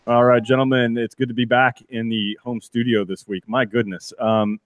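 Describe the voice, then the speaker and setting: A man's voice: medium pitch, little pitch movement, normal speed, a little hiss or hum. A man co-hosting a sports podcast from a home studio, chatting casually and rambling through restarts and laughing asides. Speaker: podcast co-host.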